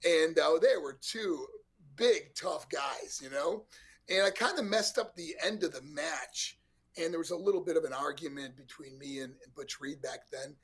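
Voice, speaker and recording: Speaking at a moderate pace with a fairly high, breathy voice, this New York man in his sixties recounts stories from his days as a pro wrestler. He's a guest in a relaxed interview, animated, laughing often and performing different voices.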